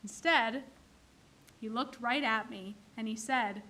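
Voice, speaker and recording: High bright woman giving a sermon. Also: slow. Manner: storytelling, acting out characters in jokes. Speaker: clergy leading a service. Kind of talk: sermon with jokes. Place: synagogue.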